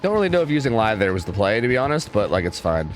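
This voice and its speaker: A man's voice: lowish voice, very animated, very fast, soft background music. A young man from New York streaming a game, talking in a laid-back way with lots of filler words. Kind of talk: casual gameplay commentary.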